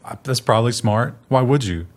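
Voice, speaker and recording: A man's voice: medium pitch, animated, brisk. Sarcastic male tech news co-host. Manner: sarcastic, jokey asides. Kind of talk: casual news discussion.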